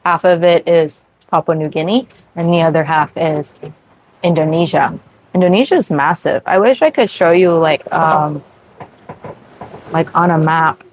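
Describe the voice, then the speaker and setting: A young woman hosting a casual livestream from her sailboat at sea, chatty, full of "like" fillers and quick laughs. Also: low voice, a little hiss or hum, low-quality recording. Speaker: sailing livestream host. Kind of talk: casual livestream chat with viewers.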